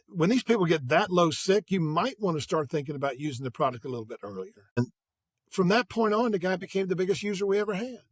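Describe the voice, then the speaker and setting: An older man, a sales executive appearing as a guest, tells energetic anecdotes in a relaxed interview, acting out the dialogue as he goes. His fairly high voice has a breathy edge and is recorded close and dry, with no room sound.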